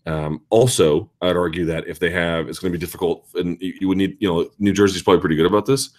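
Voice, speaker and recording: A male host of a live chat show, talking casually and answering viewer questions in an animated, ranting, sarcastic way. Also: low voice.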